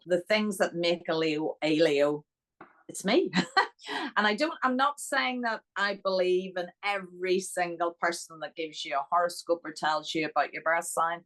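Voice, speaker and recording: Northern Irish woman, low voice, animated podcast guest full of anecdotes. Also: poor audio. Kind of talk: podcast interview storytelling.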